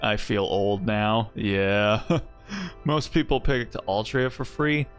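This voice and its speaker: A man's voice: lowish voice, slow, faint music behind. A man streaming a game. He rambles casually, swears freely and often breaks off his own sentences. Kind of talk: casual gaming stream commentary.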